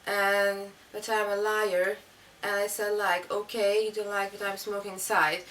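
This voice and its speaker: A woman's voice: mid-range voice, level tone, measured pace, fairly bright tone. Young woman rambling through a story, lots of "like", mic a bit far off, faint hiss. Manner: rambling, many fillers. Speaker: interviewee. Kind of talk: casual storytelling. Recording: distant mic, faint room noise.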